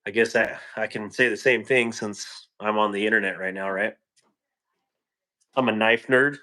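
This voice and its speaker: A man's voice: fairly low pitch, steady tone, moderate pace, sharp tone. A man hosting a casual live stream from home on his phone, greeting viewers by name with rambling, joking asides.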